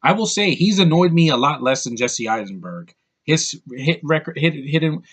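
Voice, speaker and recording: A man with a fairly high, slightly bright, animated voice speaks at a normal speed while giving a casual, rambling movie review to camera. He's opinionated and full of fillers and restarts, picked up by a camera mic close to the camera.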